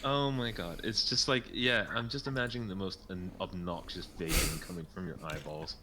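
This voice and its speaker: A man playing in a tabletop game, rambling through his actions with lots of fillers and quick laughs. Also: low-pitched, very noisy. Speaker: player. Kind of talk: casual tabletop chat.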